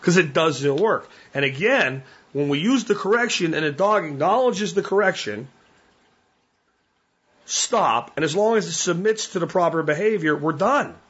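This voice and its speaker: A man's voice: on the high side, lively intonation, normal speed, a bit bright, slightly rough, highs cut off. A man hosting a podcast, talking casually and bluntly in a folksy way, often acting out what his dog is thinking. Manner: blunt, folksy, acts out his dog's thoughts. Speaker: podcast host. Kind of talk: casual monologue. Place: at home with his dog beside him.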